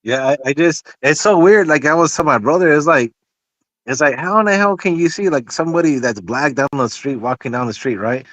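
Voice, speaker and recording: A man's voice: fairly high pitch, a little fast, fairly bright tone, no room sound, rough recording. Profane male co-host, dry close sound. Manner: loose, profane storytelling. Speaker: podcast co-host. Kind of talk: casual chat.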